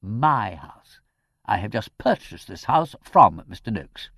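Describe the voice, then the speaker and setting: A man voicing an urbane, witty aristocratic lord with a crisp, airy manner. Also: on the low side, very animated, slow pace, fairly bright tone, dry recording, studio quality, full character voice.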